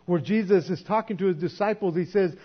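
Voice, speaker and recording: A man preaching a sermon in a conversational way, sometimes acting out quoted voices and dropping to a soft hush. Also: high-pitched, a little fast, breathy edge. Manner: conversational, acts out quoted voices, drops to soft hushed tones. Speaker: pastor. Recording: dull lo-fi sound with mains hum.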